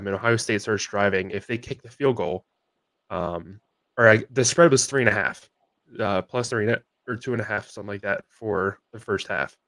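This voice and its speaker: A man's voice: fairly low pitch, fairly bright tone, no room sound. A young man co-hosting a sports podcast, telling a long story in a casual, rambling way with many fillers and restarts. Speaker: podcast co-host.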